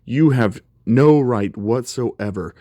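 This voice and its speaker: A man's voice: medium pitch, slow, mellow, no echo, clean studio sound, natural voice. A man voicing an angry, protective father who answers back indignantly. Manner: indignant, defensive.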